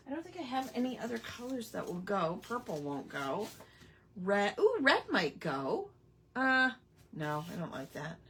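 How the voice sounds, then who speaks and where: With a mid-range, fairly bright voice and a little hiss or hum in the audio, a woman runs a casual live crafting stream. Full of ums, she rambles along and chats back to viewer comments.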